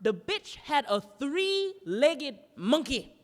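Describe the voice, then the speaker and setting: A woman performing a standup comedy routine live, telling a story in a brash, profane, animated way. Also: high-pitched, slow, in a large hall. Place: live performance in a gallery space.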